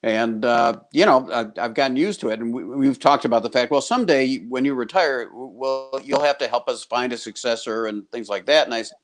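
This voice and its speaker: Older American man, guest TV host, casual, animated anecdotes, video-call sound. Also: medium pitch, fairly quick, few pauses. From United States. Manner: chatty, laughs easily, animated when quoting people. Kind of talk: casual interview chat.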